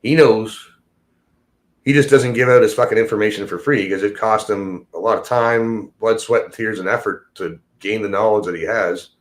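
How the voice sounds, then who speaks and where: A man's voice: on the low side, moderate pace. A man hosting a casual livestream, rambling loosely and swearing constantly as he talks about his work as a tradesman. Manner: rambling and heavily profane. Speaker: livestream host.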